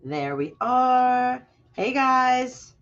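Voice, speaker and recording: Woman, slightly high voice, friendly craft livestream host, muffled lo-fi audio. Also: animated, extremely slow. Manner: chatty, greets viewers by name. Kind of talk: casual live crafting tutorial.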